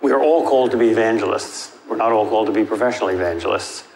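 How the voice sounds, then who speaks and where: An older man answering audience questions after a lecture, emphatic and wry, his pitch jumping up for stress. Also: fast talker, vocal fry, a little mellow. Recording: echoey hall with faint noise.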